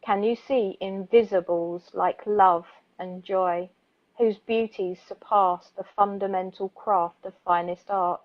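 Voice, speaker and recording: A woman co-hosting a radio show, reading listeners' poems slowly and soothingly, then chatting casually and laughing easily. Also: medium pitch, fairly even intonation, lo-fi sound. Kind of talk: gentle poetry reading and casual chat.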